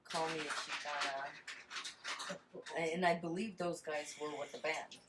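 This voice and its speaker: A woman's voice: sits low, steady tone, measured pace. A woman from Texas with a slight Texan accent, telling family stories in a casual interview, chatty and full of fillers. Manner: chatty storytelling with frequent fillers. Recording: audible background noise.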